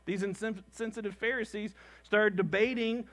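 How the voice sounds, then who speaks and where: High-voiced animated man preaching. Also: normal speed. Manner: animated, repeats phrases for emphasis, acts out quotes; calls the congregation "gang". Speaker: pastor. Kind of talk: sermon.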